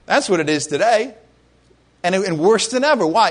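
A pastor preaching a sermon in a conversational way, asking his congregation questions and rising to loud exclamations. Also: sits high, animated, moderate pace.

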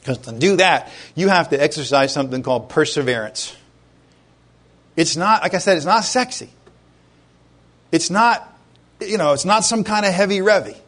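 A man preaching a sermon as pastor, in a conversational, animated way with joking asides. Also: mid-range voice.

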